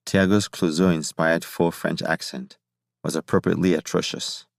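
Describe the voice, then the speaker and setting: A man narrating a science fiction audiobook in a measured, even storytelling manner. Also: low-pitched, creaky, no room sound, studio quality. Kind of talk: scripted narration.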